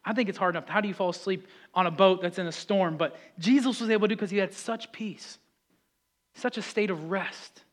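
A man preaching a sermon, talking with the congregation, swinging from loud pleading passages to hushed calm ones. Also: high-pitched, brisk. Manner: builds to loud impassioned pleas, then drops to hushed calm; conversational preaching with audience questions. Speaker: pastor.

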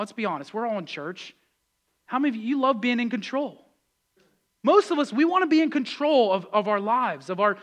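High, bright-voiced exhorting pastor. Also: male voice. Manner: exhorting, repetitive, conversational with audience asides. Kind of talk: sermon.

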